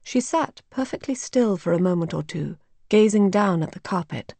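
A woman narrating an audiobook in a measured, calm way, recorded close to the mic. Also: medium pitch, creaky, dry recording.

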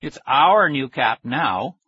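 A man's voice: mid-range voice, expressive, slow pace, slightly rough, dry recording, muffled recording. A man voicing a bratty schoolboy bully who snarls and whines. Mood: mocking. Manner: snarling, whiny.

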